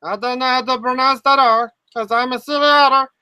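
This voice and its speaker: A woman hosts a goofy online talk show, rambling and giggly as she jumps from thought to thought. Her voice sits high and bright, with a sharp edge to it. It is recorded close and dry. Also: steady tone, brisk, smooth, no echo. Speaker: host.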